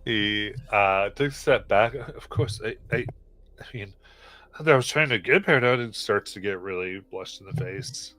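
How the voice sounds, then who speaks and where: A man's voice: on the low side, moderate pace, bright, forceful tone. A man running a tabletop role-play game as game master, rambling and stammering through restarts.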